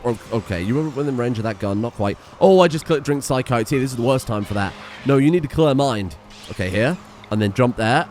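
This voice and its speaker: A man's voice: mid-range voice, slight background noise. A young man commentating a game, ranting at his characters in an exasperated, sarcastic, sweary way. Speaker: gaming streamer. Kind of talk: let's play commentary.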